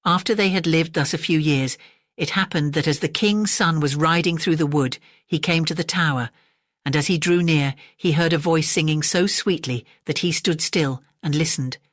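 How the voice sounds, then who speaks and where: A woman reads a classic fairy tale as a soothing bedtime story, gentle and unhurried. Her voice sits low, recorded close and dry. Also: no room sound.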